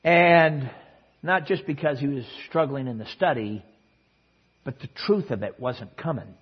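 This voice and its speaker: A man preaching a sermon, telling a story with sudden swings between soft and loud passages, in front of a congregation. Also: medium pitch, unhurried, slightly rough, lo-fi sound. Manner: storytelling with dramatic swings in loudness and pace. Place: church service.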